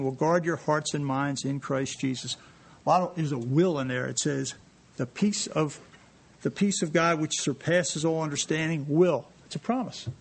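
Animated high-voiced male preacher. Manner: animated, jokey, reading scripture aloud to a congregation. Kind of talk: sermon. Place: church sanctuary.

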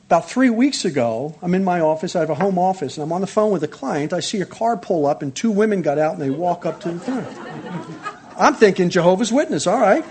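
Brief: man with a high voice, animated testimony, acts out every quote, faint background hum. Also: fairly quick, a faint crowd. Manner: lively, acts out quotes, laughs often. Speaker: speaker sharing a testimony.

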